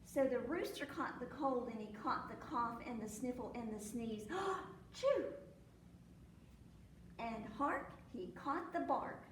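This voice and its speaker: Animated woman reading a children's story. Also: on the high side, normal speed, hardly any pauses. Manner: animated, with acted sneezes and animal sounds. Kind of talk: children's storytime read-aloud. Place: library room. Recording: echoey room, mic at a distance, faint noise.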